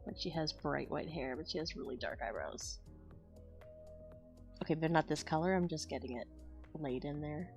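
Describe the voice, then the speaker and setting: Brief: woman with a slightly low voice, chatting loosely with her viewers as she draws. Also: normal speed, creaky, pauses often, faint music behind. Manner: rambling, self-deprecating, chats with viewers. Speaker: artist streaming her drawing. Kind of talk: casual chat while drawing.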